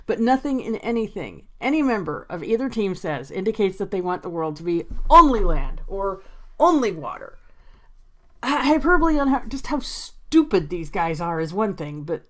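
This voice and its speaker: A woman's voice: medium pitch, sing-song, moderate pace, a bit bright. A woman giving an opinionated commentary vlog, exasperated and sarcastic, with frequent sighs and laughs. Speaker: video creator.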